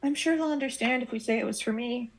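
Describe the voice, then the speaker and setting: A woman's voice: a little high, fast talker. A woman playing a character in a tabletop game, sarcastic and exasperated. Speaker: player. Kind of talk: in-character banter.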